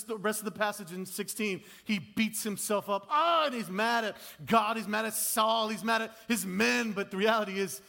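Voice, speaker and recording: High-voiced man preaching a sermon. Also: sharp tone. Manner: conversational, self-deprecating, acts out quoted voices. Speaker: pastor.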